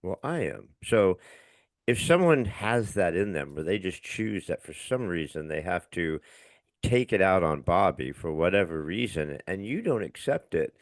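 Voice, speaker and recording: A middle-aged man hosts a podcast in a low, deep voice, talking casually and swearing without a second thought. He spins anecdotes with animated retellings. The sound is close and dry, with no room around it. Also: normal speed, dry recording. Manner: swears freely, tells stories with animated retellings. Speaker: podcast host. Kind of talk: casual interview chat.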